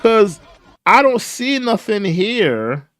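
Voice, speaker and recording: Young black guy ranting on his stream, kinda high voice, swings all over. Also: big pitch swings, slow, fairly bright tone, soft background music. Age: young adult. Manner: reads documents aloud and riffs on them. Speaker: commentary channel host. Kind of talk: casual livestream commentary.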